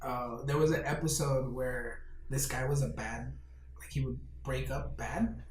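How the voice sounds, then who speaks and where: A man's voice: mid-range voice, steady tone, a little slow. A man hosting a podcast, chatting casually and telling self-deprecating stories. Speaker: podcast host. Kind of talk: casual chat. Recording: echoey room, distant mic, faint noise.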